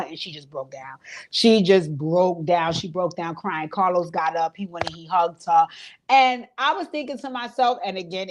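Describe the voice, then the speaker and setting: A woman hosting her own channel, casually retelling an interview in an informal, storytelling way. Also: mid-range voice. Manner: chatty storytelling, relays what others said; informal speech with many fillers. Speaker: host recapping an interview. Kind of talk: casual recap commentary.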